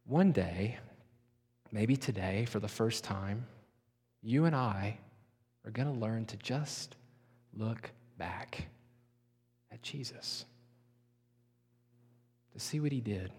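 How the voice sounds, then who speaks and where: A middle-aged man preaching a sermon in a church, earnest and slowing down to soften his voice for emphasis. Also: fairly low pitch, expressive, husky. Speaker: pastor. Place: church sanctuary. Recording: long reverb of a large hall.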